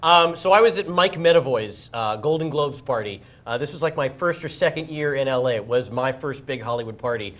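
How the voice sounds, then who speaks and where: A man's voice: mid-range voice, expressive, a little fast, hardly any pauses, a bit bright. A man who is a celebrity guest, telling a self-deprecating comic anecdote on a game show.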